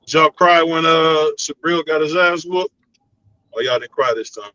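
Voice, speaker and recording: A man's voice: fairly high pitch, moderate pace, bright, forceful tone, no room sound, lo-fi sound. A man calling in to a boxing talk show, teasing and playful in casual chat.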